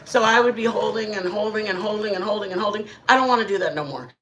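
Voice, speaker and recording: A middle-aged woman hosting a casual livestream from her living room, telling rambling, animated stories to her chat. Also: mid-range voice, quick pace, slight background noise. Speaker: channel host.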